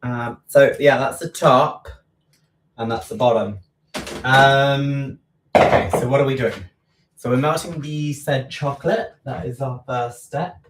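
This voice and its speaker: A man's voice: medium pitch, fairly even intonation, a little slow, distant mic. A man chatting casually while baking in his home kitchen, rambling and correcting himself. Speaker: baking livestream host. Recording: roomy kitchen, away from mic, faint noise.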